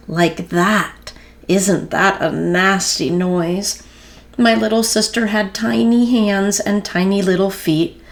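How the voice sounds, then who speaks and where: A woman reading a children's story aloud in a gentle storytelling manner with expressive pauses. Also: on the low side.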